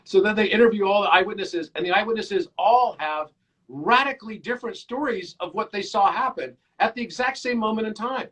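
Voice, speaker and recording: A man in his fifties, a podcast guest, talking earnestly and telling animated stories. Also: high voice, a little fast, low-quality recording. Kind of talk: casual interview chat.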